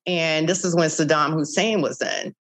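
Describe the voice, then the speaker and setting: A woman's voice: low voice, moderate pace. An older woman, founder of a child-recovery group, telling stories in an interview and acting out old conversations with many "you know" asides. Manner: animated, acts out past conversations. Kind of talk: interview storytelling.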